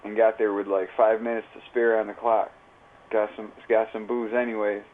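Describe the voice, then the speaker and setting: Livestreaming, a man casually rambles through a foul-mouthed story packed with slang. He speaks at a moderate pace in a fairly low, level tone, and the audio comes across tinny, as if over a phone.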